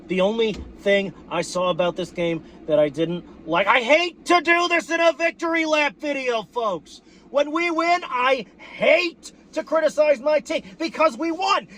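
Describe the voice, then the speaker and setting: A man ranting loudly in a post-game victory rant as a football fan vlogger, swearing freely and breaking into shouted bursts from inside a car. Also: very high-pitched, expressive, unhurried, a little hiss or hum. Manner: boisterous, profane, shouting bursts.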